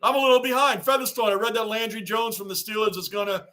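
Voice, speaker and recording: Excitable high-voiced sports streamer man. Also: quick pace. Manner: excitable, rambling, reads chat aloud. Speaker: livestream host. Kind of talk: live sports reaction stream with chat.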